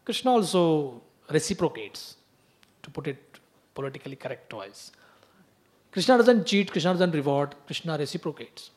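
A male preacher telling a sacred story in an animated sermon and acting out the characters. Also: a little high, moderate pace.

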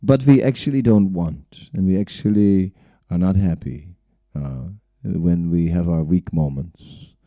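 A man's voice: low voice, unhurried, hardly any pauses, dry recording, dull audio. A man, not an English speaker, telling stories from his own life in a rambling way, with frequent chuckles and "right?" tags. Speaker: speaker recounting his spiritual journey. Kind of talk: storytelling talk.

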